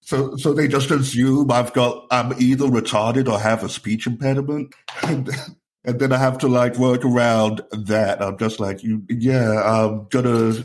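A man's voice: mid-range voice, steady tone, measured pace, a little hiss or hum. A man with an English accent, a stand-up comedian co-hosting a podcast, chatting in a laid-back, self-deprecating way. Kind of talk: casual comedy podcast chat.

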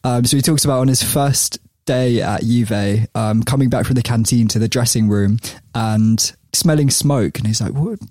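A man's voice: medium pitch, normal speed, hardly any pauses, darkish tone, no room sound. Man telling stories, laughing often. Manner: chatty, laughs often, many fillers and restarts. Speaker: podcast host. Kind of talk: podcast storytelling.

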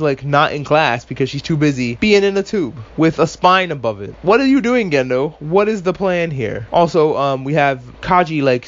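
A man with a fairly high voice talks through a show in a loose podcast recap, animated and sarcastic and quick to curse. The recording sounds dull and lo-fi. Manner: animated, swears a lot, sarcastic asides. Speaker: podcast host. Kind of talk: casual episode recap.

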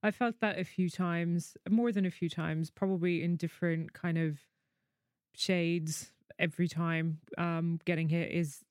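A woman's voice: on the low side, steady tone, unhurried, a little mellow, clean tone, no echo, clean studio sound. A woman co-hosting a casual chat, explaining things thoughtfully and swearing now and then. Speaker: podcast co-host.

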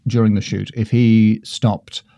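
A man from Britain chats as a podcast guest in a warm, mellow voice. He rambles through self-deprecating stories, full of restarts and asides. The sound is close and dry. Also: lowish voice, flat delivery, measured pace, creaky, dry recording, highs cut off. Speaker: guest comedian. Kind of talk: casual podcast chat.

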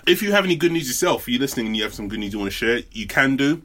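Laid-back comedian hosting. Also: male voice, medium pitch, animated, racing, bright, forceful tone. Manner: laid-back, laughs often, stumbles on words. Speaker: podcast host and stand-up comedian. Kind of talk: casual podcast chat.

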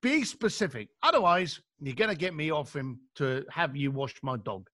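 A man's voice: fairly high pitch, lively intonation, normal speed, pushed and bright, no echo, clean studio sound. A middle-aged man, an author guesting on a podcast, telling stories in a blunt, emphatic way and acting out the voices of people he quotes. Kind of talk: animated conversational storytelling.

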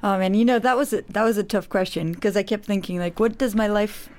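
A woman's voice: mid-range voice, a little fast, darkish tone. A woman guest in a casual podcast chat, talking and thinking aloud.

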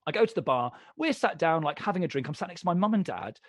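A man's voice: on the high side, fast, dry recording, studio quality. A young man, a comedian and presenter, chatting as a podcast guest and telling stories with plenty of swearing and acted-out dialogue. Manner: animated, swearing, acts out both sides of dialogues. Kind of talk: casual storytelling chat.

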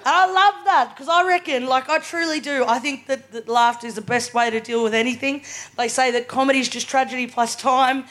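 A woman's voice: sits high, steady tone, a little fast, fairly bright tone. Cheeky Australian woman doing stand-up. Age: 20s. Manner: casual, cheeky, keeps asking "right?". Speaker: stand-up comedian. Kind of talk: live stand-up set. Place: live comedy venue.

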